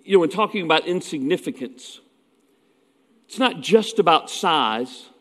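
A man's voice: fairly high pitch, lively intonation, a little slow, a bit bright, in a large hall. A man preaching a sermon as pastor, telling stories in a folksy way with asides.

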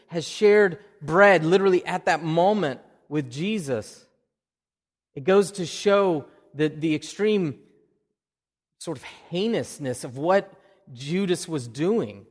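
A man's voice: on the high side, in a large hall. A man with an Oklahoma accent preaching a sermon in a conversational way, often repeating a word as he restarts a phrase. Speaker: pastor. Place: church.

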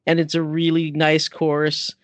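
A man's voice: a little high, completely flat delivery, measured pace, dry recording. A man in a casual chat who laughs often and asks encouraging questions about marathons.

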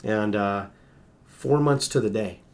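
A man's voice: fairly low pitch, slow, darkish tone, clean tone. A middle-aged man recounting a personal story as an interview guest, earnest, with restarts and acted-out quotes.

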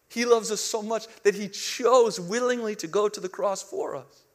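Pastor, man, thirties, high voice, preaching with hushed and emphatic turns. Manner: shifts between hushed and emphatic. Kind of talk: sermon.

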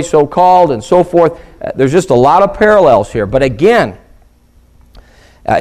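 Guy teaching bible class on the radio, a bit higher voice, reads verses slow and leans on the key words. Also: a little mellow, smooth. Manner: reads scripture aloud slowly, stressing key words with questions. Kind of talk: Bible study lesson. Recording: radio ministry broadcast.

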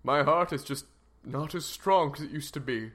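A man's voice: a little high, normal speed, fairly bright tone. A man voicing a pompous, melodramatic rich father in a comedy sketch.

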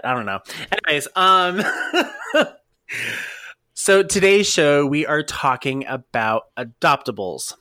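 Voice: mid-range voice, animated, slow pace, bright, forceful tone, no room sound, clean studio sound. A podcast co-host chatting casually, rambling with lots of fillers and giggles.

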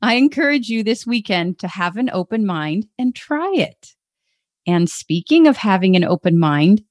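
A young adult woman hosting a podcast, cheerful and quick to laugh. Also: mid-range voice, a little mellow, dry recording, clean studio sound. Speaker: podcast host. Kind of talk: upbeat podcast chat.

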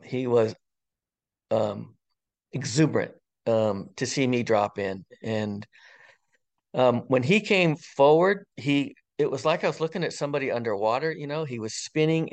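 A man in his sixties, an interview guest and retired fire captain, tells a personal story in an earnest, wondering way with frequent ums and pauses. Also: medium pitch. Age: 60s.

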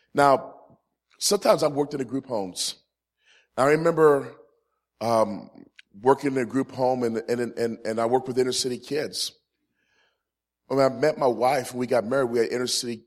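A man in his forties in ministry, telling a humorous personal testimony to a live audience. He swings from loud, punchy comic lines to quiet, earnest points. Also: on the low side. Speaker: Christian ministry speaker.

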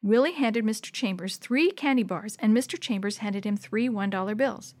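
A woman narrating a children's book chapter with clear, expressive storytelling. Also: medium pitch, moderate pace, no room sound.

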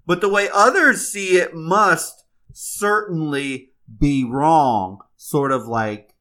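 A man telling a fable in a casual, conversational way, with fillers and restarts, then slowing down to reflect on its moral. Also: a little high, bright, forceful tone. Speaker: storyteller.

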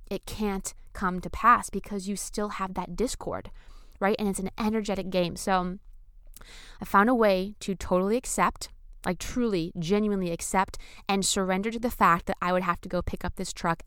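A woman talking casually and enthusiastically to her viewers about surrender and manifestation, with casual swearing and bursts of excitement. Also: medium pitch, clean tone, no echo, studio quality. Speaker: spiritual vlogger. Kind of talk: casual spiritual talk to camera.

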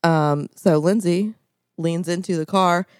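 A woman co-hosting a podcast, retelling stories in an animated casual chat. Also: fairly low pitch, slow, clean tone, no echo, studio quality. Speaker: podcast co-host.

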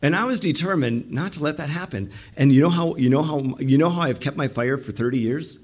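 A middle-aged male pastor preaching a sermon in an animated way, acting out the voices he quotes. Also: fairly high pitch, brisk.

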